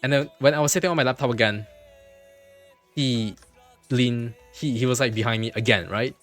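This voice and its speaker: A man chats to his stream through a desk mic in a casual storytelling mode. His mid-range voice keeps circling back and repeating phrases, dropping swear words along the way. Soft music runs faintly underneath. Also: mid-range voice, moderate pace. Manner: animated, repeats himself, swears freely. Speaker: livestreamer.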